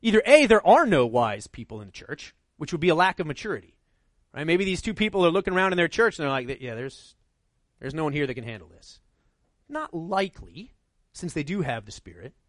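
High-voiced conversational male pastor. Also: very animated, a little fast, no echo. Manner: conversational, rhetorical, asks "right?" often. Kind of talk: sermon.

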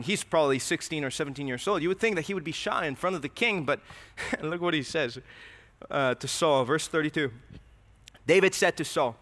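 A man's voice: a little high, a bit bright. A man preaching a sermon, earnest and questioning, often repeating his words. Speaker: pastor. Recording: reverberant hall.

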